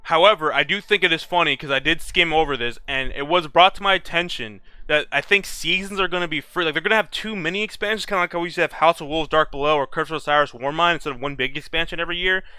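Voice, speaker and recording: A man's voice: a little high, fast, hardly any pauses, bright, forceful tone, clear, resonant tone, no room sound. A young man ranting about a game in a casual vlog, swearing often and restarting his sentences. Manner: profane, heated ranting with frequent restarts. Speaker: gaming video creator.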